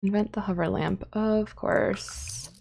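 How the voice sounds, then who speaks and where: A young woman talks through her game in a loose, rambling way, laughing at her own tangents. Her pace is slow and unhurried, and her voice has a noticeable vocal fry. She sits at a middle pitch for a woman. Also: big pitch swings, darkish tone. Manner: chatty, giggly, rambling asides. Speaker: gaming YouTuber. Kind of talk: casual gameplay commentary.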